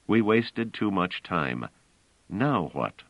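A weary but decisive male leader speaks in short, firm commands, his deep voice only slightly raised, as a man reads him. His pitch moves in a lively way. The recording is dull and dry. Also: takes it slowly, no echo, full character voice.

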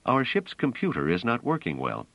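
A man's voice: medium pitch, huge pitch swings, moderate pace, creaky, no echo, muffled recording, pitched above the performer's own voice, exaggerated voice. A man voicing a weary, decisive male leader who gives terse, firm commands in an audiobook.

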